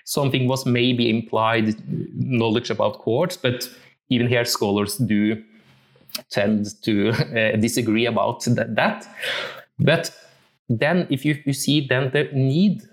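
A man's voice: medium pitch, steady tone, slow. A man from Norway, a music teacher giving a thoughtful talk and often searching for his words. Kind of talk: reflective talk on musical interpretation.

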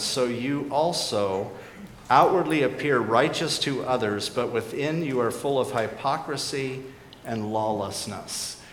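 Pastor preaching in an echoey church hall. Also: male voice, medium pitch. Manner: earnest, questioning, drops to a quiet emphasis. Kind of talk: sermon. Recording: echoey hall with faint background noise.

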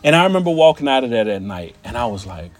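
A man telling a personal story in an animated, conversational way, often turning to his listeners with "right?" and "y'all". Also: medium pitch, quick pace, faint music behind.

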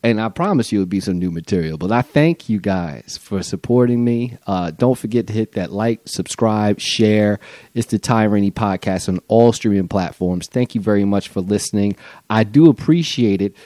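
A man's voice: lowish voice, moderate pace, warm tone, dry recording. A man hosting his own podcast, talking in a loose, rambling and profane comedic monologue. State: high on mushrooms. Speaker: podcast host.

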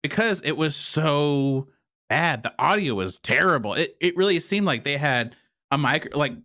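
A man's voice: on the high side, expressive, measured pace, pushed and bright, dry recording, studio quality. A man hosting a casual podcast in an easygoing way, often repeating a word as he starts a thought. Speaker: podcast host.

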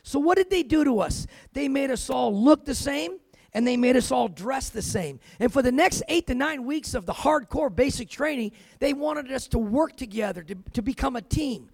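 Male preacher, really high gravelly voice, punchy storytelling sermon w/ lots of amens. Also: expressive, moderate pace, darkish tone, dry recording. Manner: emphatic storytelling, punctuated with "amen" and "man". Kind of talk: sermon with personal testimony.

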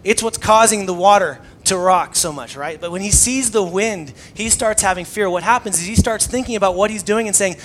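A male pastor preaches a conversational sermon, energetically acting out scenes in an animated manner. His voice is high-pitched and brisk with few pauses, over slight background noise.

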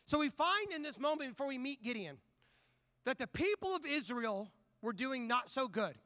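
A man preaching a sermon, telling a personal story in an animated, conversational way before turning to scripture. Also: very high voice, normal speed, no room sound, studio quality. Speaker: pastor.

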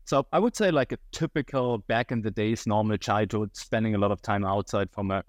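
A man in his thirties with a German accent and a touch of Cork Irish, speaking as a podcast guest in a relaxed, reflective way with slightly non-native phrasing. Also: lowish voice, a little fast, dry recording. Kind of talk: casual interview talk.

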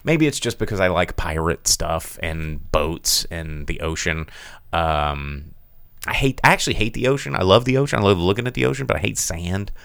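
Low smooth-voiced man rambling casually. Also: animated, moderate pace, a bit bright, dry recording. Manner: rambling, many fillers and restarts. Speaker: podcast co-host reviewing movies. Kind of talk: casual chat.

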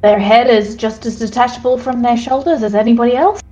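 A woman playing in a tabletop game, playful and unhurried. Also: fairly high pitch, fairly even intonation, mellow, highs cut off, a little hiss or hum. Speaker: player. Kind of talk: tabletop role-play.

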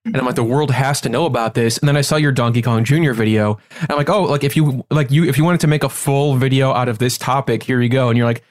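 A male podcast host chatting casually, his voice mid-pitched. He rambles and restarts often, with a loose, friendly chattiness. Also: quick pace, hardly any pauses.

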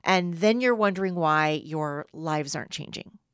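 A woman's voice: deep voice, moderate pace, a bit bright, clean tone, dry recording, clean studio sound. A woman hosting a solo podcast, explaining in an earnest teaching way and often checking in with "right?". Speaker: podcast host and human design coach.

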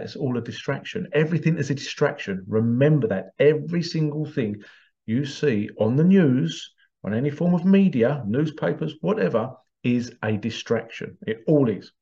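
A man's voice: mid-range voice, lively intonation, normal speed, gravelly, warm tone. A man, talking in a rambling, emphatic monologue and repeating his points. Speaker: hypnotherapist giving his views. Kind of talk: casual monologue. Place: small stuffy room. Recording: slightly dull lo-fi sound.

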